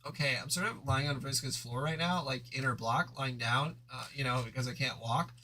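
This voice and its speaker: Man doing a timid halting young troll. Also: medium pitch, sharp tone, natural voice. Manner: hesitant, halting.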